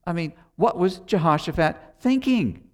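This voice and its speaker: A man's voice: high-pitched, animated, a little slow, a little mellow. A man preaching a sermon, retelling a Bible story conversationally and acting out the characters' lines. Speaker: pastor.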